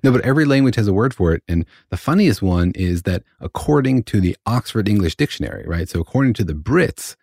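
A man's voice: fairly low pitch, big pitch swings, fast talker, few pauses, a little mellow, no echo, clean studio sound. A man co-hosting a casual science chat, explaining things patiently and often checking in with "right?". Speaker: podcast co-host explaining physics.

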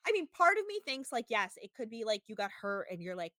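A woman co-hosting a casual recap podcast, talking in an animated way with lots of swearing and acting out what people said. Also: fairly high pitch, fairly quick, dry recording. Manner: animated, swearing, acts out quotes in exaggerated voices. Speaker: podcast co-host.

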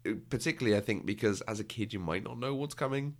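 A man's voice: lowish voice, quick pace. A British man co-hosting a podcast, talking casually and often laughing. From Britain. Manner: chatty, laughs often, acts out quotes. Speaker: podcast co-host. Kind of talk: casual chat.

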